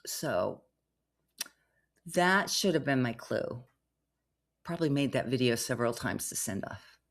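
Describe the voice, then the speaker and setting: Low-voiced chatty woman telling a story. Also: animated, a little slow. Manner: chatty and rambling, many fillers and asides. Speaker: podcast host. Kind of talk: casual storytelling monologue.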